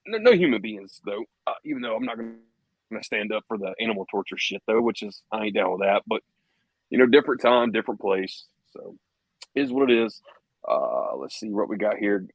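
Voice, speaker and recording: A man's voice: on the low side, no echo, lo-fi sound. A man co-hosting a podcast, talking in a laid-back, slangy way with casual swearing. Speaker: podcast co-host. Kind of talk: casual chat.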